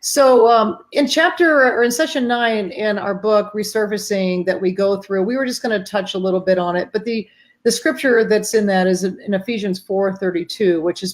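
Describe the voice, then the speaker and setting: At normal speed and medium pitch, a woman hosts a faith-based grief support livestream over a video call. She casually chats, greets viewers by name in a warm way, and her speech is heavy with fillers.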